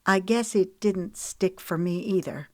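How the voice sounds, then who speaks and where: A woman reading as a young songwriter in an audiobook, giving quick, defensive replies in a raised voice. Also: medium pitch, no room sound, studio quality, lightly acted.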